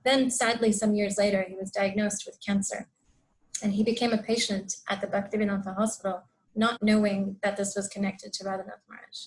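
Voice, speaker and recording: A woman's voice: medium pitch, low-quality recording. A woman giving a devotional talk in an online program on a video call, telling a story with many fillers and acting out the quotes. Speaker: speaker.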